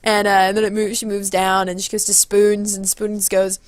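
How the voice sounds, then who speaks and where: A woman vlogger tells a long story casually at a moderate pace, rambling and staying animated as she acts out quotes in high voices. She speaks into a corded handheld mic held close, and there is no echo.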